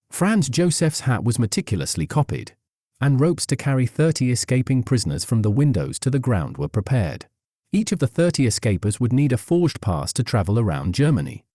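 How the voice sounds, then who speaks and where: A man giving scripted documentary narration in a measured, storytelling delivery. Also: medium pitch, warm tone, dry recording, clean studio sound.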